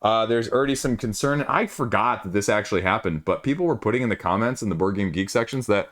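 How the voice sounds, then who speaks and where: A man's voice: on the low side, fast. Male host for a solo board game commentary video, loose and chatty, talks off the cuff. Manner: rambling, animated, off-the-cuff asides.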